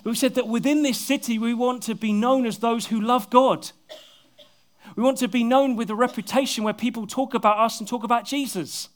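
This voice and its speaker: Earnest high-voiced male preacher. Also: fairly even intonation, a little fast. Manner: earnest, often dropping to soft, intimate tones; self-deprecating humor with bursts of laughter. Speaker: pastor. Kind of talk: sermon. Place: church service with a congregation.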